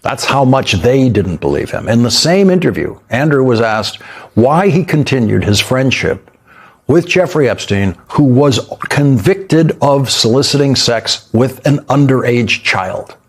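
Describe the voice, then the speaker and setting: A man's voice: mid-range voice, animated, unhurried, husky. A male news host delivering scripted, emphatic commentary with pointed repetition, speaking from a studio.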